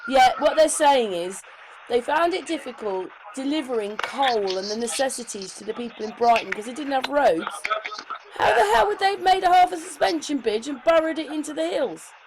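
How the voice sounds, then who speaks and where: Woman chatting, slightly high voice, keeps adding points, background hiss. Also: lively intonation, normal speed. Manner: conversational, keeps adding points, asks for agreement. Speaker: co-host. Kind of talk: casual chat. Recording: noisy home recording.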